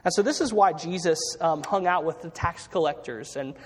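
A man's voice: on the high side, moderate pace. A man preaching a sermon as pastor, earnest and conversational, with frequent fillers and restarts. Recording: hall reverb.

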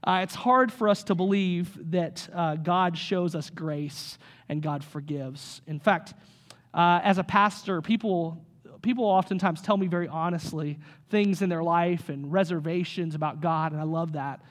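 A man in his thirties, a pastor, preaching a sermon in an energetic, conversational way with rhetorical questions. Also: fairly high pitch, measured pace.

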